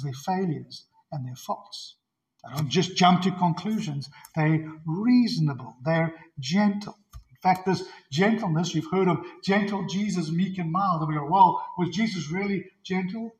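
A man's voice: on the high side, low-quality recording. A male pastor preaching an expository sermon in an earnest, emphatic way, often repeating his key phrases.

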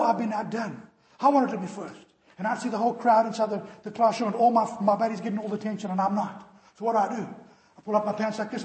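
High-voiced animated male preacher. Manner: animated, acts out story voices. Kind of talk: sermon with storytelling. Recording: echoey hall.

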